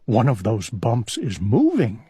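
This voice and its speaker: A man voicing a fretful, gentle male owl in a storybook reading, talking in an anxious, earnest, childlike way. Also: mid-range voice, huge pitch swings, a little slow, slightly rough, dry recording, clean studio sound, exaggerated voice. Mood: worried.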